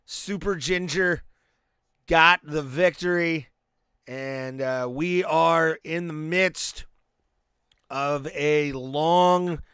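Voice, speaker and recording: A man's voice: a little high, bright, forceful tone, clear, resonant tone, no room sound, clean studio sound. A man hosting a live stream, giving laid-back play-by-play and reactions to fights, with fillers and restarts. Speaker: podcast host.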